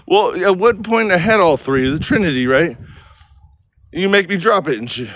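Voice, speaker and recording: A man's voice: high-pitched, lively intonation, moderate pace, fairly bright tone, no room sound. A man on a street, rambling in a profane, stream-of-consciousness monologue that jumps from topic to topic. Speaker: vlogger. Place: outdoors on a street.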